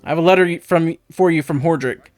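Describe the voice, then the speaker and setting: A man's voice: a little high, fast, a little mellow, dry recording, soft background music, close to an everyday voice. A man voicing a lost, polite young male newcomer in a game, asking earnest questions.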